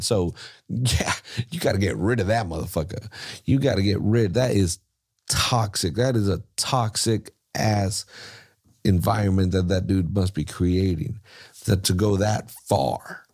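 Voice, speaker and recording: Low-voiced man, podcast host, loose profane rants with sudden pitch jumps. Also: lively intonation, moderate pace, darkish tone, husky. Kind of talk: casual profane commentary.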